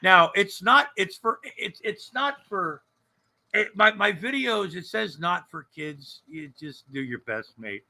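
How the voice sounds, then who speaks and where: Gravelly older man, swearing and rambling. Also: high voice, very animated, a little slow, bright, forceful tone. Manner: profane, rambling and joking. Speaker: co-host. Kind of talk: casual livestream chat.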